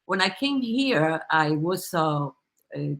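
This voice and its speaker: Dominican-born woman, Spanish accent, lowish voice, sincere guest testimony. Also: animated, slow pace. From Dominican Republic. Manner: warm, earnest, laughs easily, restarts often. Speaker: guest sharing her story. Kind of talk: casual personal testimony.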